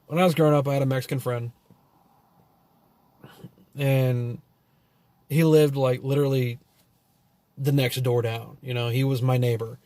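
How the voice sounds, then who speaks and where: A man's voice: mid-range voice, steady tone, normal speed, long pauses, mellow, no echo. A man telling a long story as a vlogger in a casual, profane rant that rambles and is full of "you know" and "like".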